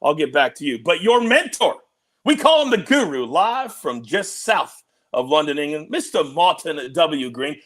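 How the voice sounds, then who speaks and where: A man hosting a sports betting show, excitable and teasing, talking over a remote link. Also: a little high, moderate pace. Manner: excitable, teasing, big swings in loudness. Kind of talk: energetic podcast hosting. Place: on the road, remote.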